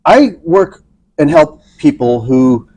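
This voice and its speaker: A man's voice: on the high side, animated, slow pace, darkish tone. Rambling man chatting on a podcast. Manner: rambling, hesitant, frequent fillers and restarts. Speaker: podcast co-host. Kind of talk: casual chat.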